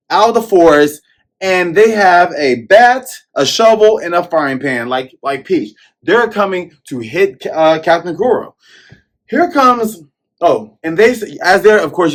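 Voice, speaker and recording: A man hosting a casual manga chapter review, animated and jokey, acting out lines as he goes. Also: fairly high pitch. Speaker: host.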